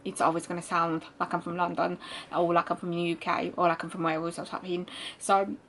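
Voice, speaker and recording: Low-voiced woman musing aloud. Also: level tone, fairly quick, fairly bright tone, a little hiss or hum, poor audio. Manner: rambling, musing, many restarts and fillers; laughs now and then. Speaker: spiritual vlogger. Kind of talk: casual storytime monologue.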